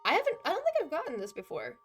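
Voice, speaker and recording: A woman's voice: high-pitched, wildly swooping pitch, racing, soft background music. A woman streaming a video game live, reacting with exclamations and reading game text aloud with frequent laughs.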